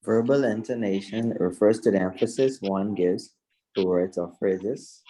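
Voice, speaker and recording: A man's voice: on the low side, a little slow, mellow, poor audio. A man, a class participant, reading a textbook passage aloud steadily and carefully.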